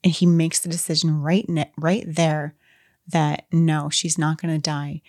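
A woman with a low voice talks in a casual, gushing way, openly emotional as she discusses a film she loves. Her voice is recorded dry and close, with little room sound. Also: level tone, unhurried, a little mellow, dry recording. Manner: enthusiastic, gushing, openly emotional fan talk. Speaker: podcast co-host.

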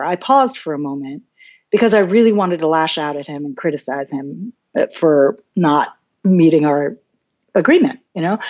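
A woman's voice: mid-range voice, a little mellow, highs cut off. Reflective woman telling a personal story. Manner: open, reflective, frequent restarts. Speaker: podcast guest.

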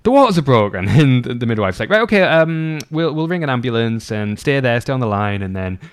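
A man's voice: mid-range voice, lively intonation, fairly quick, clear, resonant tone. A young man telling a story in casual podcast chat, rambling and laughing often as he acts out quoted voices. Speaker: podcast guest.

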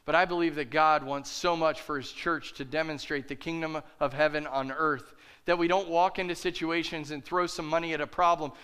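Bright-voiced, passionate male pastor preaching. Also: high-pitched, clear, resonant tone. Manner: passionate, preaching with rising intensity. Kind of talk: sermon.

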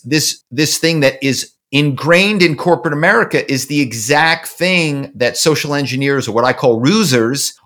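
A man speaking as a podcast guest in a casual interview, telling stories animatedly and slipping into voice imitations. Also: mid-range voice. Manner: animated storyteller, slips into imitations. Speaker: podcast guest, former corporate spy.

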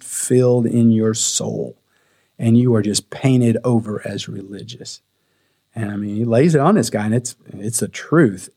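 A man preaching a sermon, retelling a scripture scene in a lively, storytelling way. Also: medium pitch. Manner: animated storytelling, acting out the scene.

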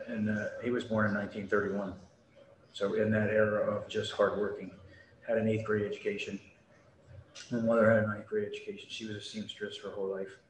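A middle-aged man, a retired Air Force veteran, telling his story bluntly and at length in an interview, with salty language. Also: lowish voice. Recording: very echoey room with faint noise.

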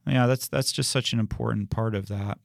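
A man's voice: on the low side, steady tone, a little fast, vocal fry, dry recording. Earnest man talking faith, dry sound. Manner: earnest, acts out quoted speech. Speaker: podcast co-host. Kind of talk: conversational Christian discussion.

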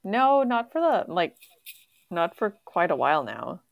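A woman co-hosting a relaxed podcast, telling everyday stories in an unhurried, chatty way full of filler words. Her voice sits a little low and the recording is dry and close. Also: vocal fry, no echo, narrow, tinny audio. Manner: chatty storyteller, uses "like" often. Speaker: podcast co-host. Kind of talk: casual chat.

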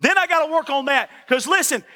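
High, bright folksy preaching man. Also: fairly quick. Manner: animated, folksy preaching with repeated "listen" and "amen". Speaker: pastor. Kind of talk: sermon.

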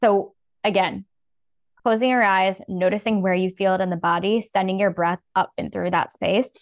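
A woman with a mid-range voice walks listeners through their breathing at a moderate pace, her intonation fairly even. The audio is dull but echo-free. Her tone is gentle and earnest, and "like" comes up constantly in her casual talk.

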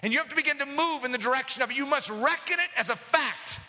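A man preaching a sermon, impassioned, with sudden loud outbursts, recorded in an echoey hall. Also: very high voice, fast talker.

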